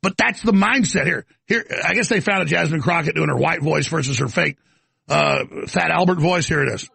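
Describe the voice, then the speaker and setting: Male host, sarcastic ranter, high husky voice, dry close sound. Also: a little fast, sharp tone, no room sound. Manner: mocking, sarcastic rant. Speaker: commentary show host. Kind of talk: ranting political commentary.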